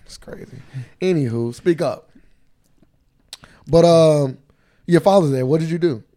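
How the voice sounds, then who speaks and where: A man's voice: a little high, unhurried, warm tone. A man co-hosting a casual podcast, teasing and arguing his point with his co-host. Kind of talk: casual chat.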